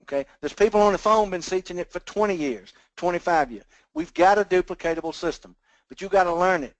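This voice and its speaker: A man's voice: high-pitched, brisk, dry recording. Folksy older man coaching his team. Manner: folksy plainspoken, keeps checking "okay?". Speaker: business trainer leading a team call. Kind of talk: motivational coaching talk. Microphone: phone conference line.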